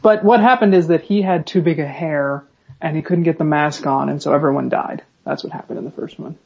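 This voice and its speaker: A man's voice: on the high side, brisk, creaky. A man co-hosting a casual comedy podcast, cracking dry, absurd jokes. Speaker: podcast co-host. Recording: dull lo-fi mic.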